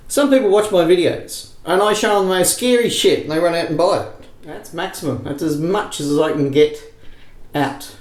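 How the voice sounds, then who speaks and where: A man's voice: on the high side, darkish tone, reverberant, rough recording. A man hosting a casual shaving demonstration, rambling with jokey self-mocking asides. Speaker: shaving video host.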